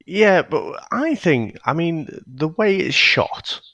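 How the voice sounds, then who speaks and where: A man co-hosting a casual film-review podcast, talking in a halting, hedging way with sighs and restarts. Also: on the high side, sing-song, sharp tone, dry recording. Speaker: podcast co-host reviewing films. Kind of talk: casual chat.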